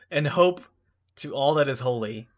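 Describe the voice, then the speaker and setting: A man's voice: medium pitch, animated, slow pace. A young man telling a long personal mishap story in casual, self-deprecating style, full of restarts and asides. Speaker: podcast co-host.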